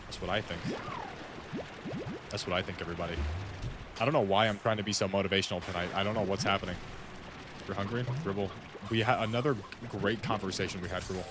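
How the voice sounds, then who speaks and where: Low-voiced rambling streamer guy. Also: steady tone, quick pace, long pauses, noisy background. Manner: rambling, heavy use of "like", musing aloud to friends. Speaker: gaming streamer. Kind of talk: casual chat while playing a game.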